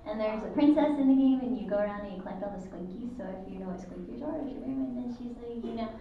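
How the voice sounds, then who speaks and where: A woman's voice: fairly high pitch, rapid-fire, noisy background. A woman voice actor telling a rambling anecdote on a panel, chatty and laughing. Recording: echoey hall, distant, dull sound.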